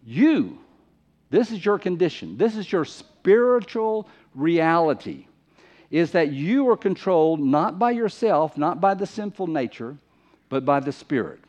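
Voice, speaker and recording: A man's voice: on the high side, very animated, unhurried, a little mellow. A man preaching a sermon in an emphatic, conversational way, often repeating phrases for stress. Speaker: pastor. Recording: muffled lo-fi recording.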